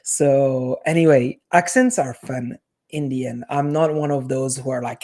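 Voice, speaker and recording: A man's voice: medium pitch, unhurried, dark tone. A man with a French accent, chatting casually with viewers on a live stream in a rambling way. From half Italian. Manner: rambling, chatty, restarts often.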